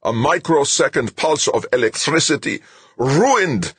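Man doing explosive furious scientist, high bellowing voice, dry close sound. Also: lively intonation, measured pace, a bit bright, husky, no room sound, full character voice. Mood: enraged. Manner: roaring, explosive.

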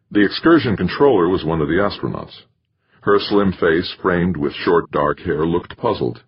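A man narrating an audiobook in steady storytelling. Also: sits low, moderate pace, husky, muffled recording. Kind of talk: scripted narration.

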